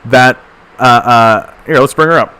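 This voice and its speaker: A man from Canada hosting a livestream political commentary show, ranting fast with repeated phrases and stammered restarts. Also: mid-range voice, pushed and bright, clear, resonant tone. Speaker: host.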